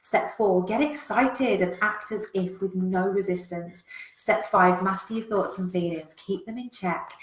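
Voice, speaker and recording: A woman's voice: mid-range voice, unhurried. A woman business coach giving a motivational talk, emphatic and direct, with casual swearing. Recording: roomy echo.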